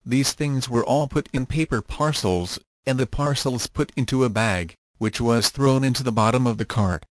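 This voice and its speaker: A man narrating a children's story in a steady, measured reading voice. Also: medium pitch, no echo.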